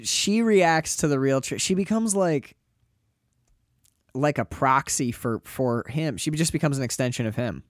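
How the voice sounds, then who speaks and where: A man's voice: medium pitch, expressive, measured pace, dry recording, clean studio sound. A man hosting a casual film podcast, wry and sarcastic, swearing casually as he picks apart scenes. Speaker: podcast host.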